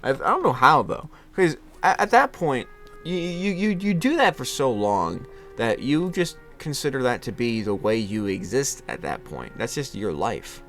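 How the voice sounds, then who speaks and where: A man's voice: mid-range voice, very animated, moderate pace, fairly bright tone, soft background music. A man in his twenties telling a candid personal story about his childhood, laughing at himself often and restarting his sentences. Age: 20s. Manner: self-deprecating, laughs often, many restarts. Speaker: podcast host.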